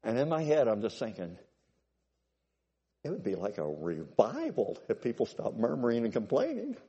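An older man preaching a sermon to a congregation, swinging from loud exhortation to quiet, musing asides and asking for amens. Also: medium pitch, huge pitch swings, moderate pace, slightly rough, highs cut off.

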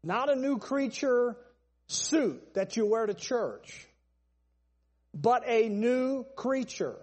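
Slow, high-voiced male preacher in hall. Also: darkish tone. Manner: emphatic, repetitive list-style preaching. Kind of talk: sermon.

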